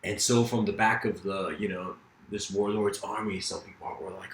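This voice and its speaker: A man's voice: on the low side, fairly even intonation, normal speed. Rambling man lecturing in an echoey room. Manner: loose, rambling, many fillers, laughs at own story. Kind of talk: casual philosophical lecture with storytelling.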